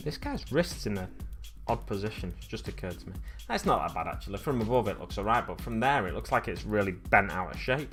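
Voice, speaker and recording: This young man hosts a miniature-painting live stream in a Lancashire accent, chatting loosely and often correcting himself mid-ramble. His lowish, slightly bright voice swings widely in pitch and moves briskly. Faint music plays in the background.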